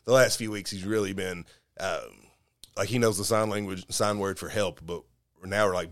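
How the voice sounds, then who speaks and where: A man co-hosting a podcast in casual chat, joking and teasing his co-host and sometimes jumping into high-pitched imitations. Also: steady tone, normal speed, no room sound, studio quality.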